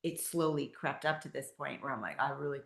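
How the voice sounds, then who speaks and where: A woman chatting casually on a faith podcast, telling stories in an animated way with lots of fillers. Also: sits low, a little fast, vocal fry. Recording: roomy echo.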